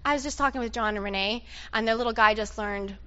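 Woman preacher, high bright voice, animated and playful, dull lo-fi recording. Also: fast talker, smooth. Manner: animated, playful, directs the audience and makes trumpet sounds. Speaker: preacher leading an interactive Bible story. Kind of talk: lively sermon with audience participation.

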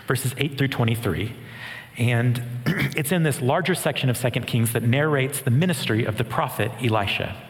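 A man giving a sermon, reading scripture aloud and explaining it with earnest warmth and touches of dry humor. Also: mid-range voice. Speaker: preacher. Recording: long hall reverb.

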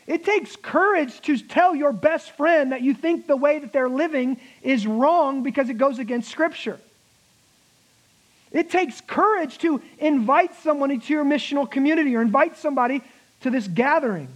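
A pastor preaching a sermon, emphatic, with laughing asides and slowed-down key words. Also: male voice, very high-pitched, low-quality recording.

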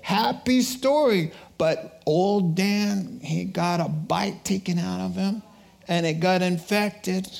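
A middle-aged man preaching a sermon, telling a personal story with animated, laughing delivery. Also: sits high, slow, creaky.

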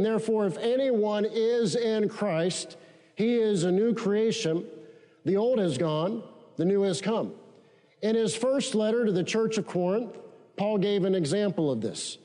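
Preacher with a high voice in a reverberant hall. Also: male voice, dark tone. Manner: preaching, repetitive call-and-response. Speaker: pastor. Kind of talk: sermon. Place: large church sanctuary.

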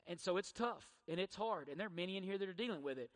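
A man's voice: sits high, animated, quick pace. A middle-aged man preaching a sermon, using emphatic rhetorical questions and repetition. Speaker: pastor. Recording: church hall reverb.

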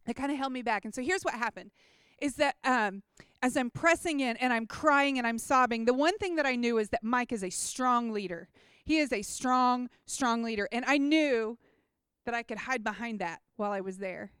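A woman's voice: on the high side, moderate pace, a bit bright, clear, resonant tone, dry recording. A woman sharing a personal faith testimony about a mission trip, talking casually and earnestly with many "like"s and restarts. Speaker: mission trip team member.

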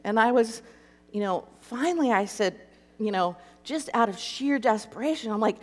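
A woman's voice: on the high side, animated, moderate pace. A woman telling an emotional personal story to an audience and acting out the voices in it. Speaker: speaker sharing a personal story. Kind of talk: animated personal testimony to an audience. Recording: echoey hall reverb.

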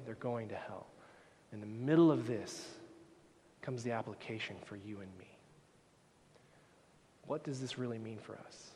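A man preaching a sermon as pastor, swinging from quiet, measured talk to loud, impassioned passages. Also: medium pitch. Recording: long reverb of a large hall.

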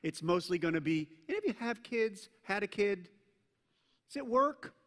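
A man preaching a sermon to a congregation, talking conversationally and joking with the room, swinging between loud emphasis and hushed intensity. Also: high-pitched, expressive, normal speed. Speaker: pastor. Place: church service with a congregation. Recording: long church reverb.

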